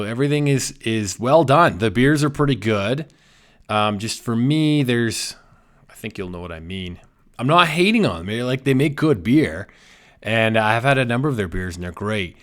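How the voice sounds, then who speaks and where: A man's voice: lowish voice, expressive, unhurried, a bit bright. A man chatting casually about breweries, rambling with lots of fillers. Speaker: beer reviewer. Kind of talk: casual chat.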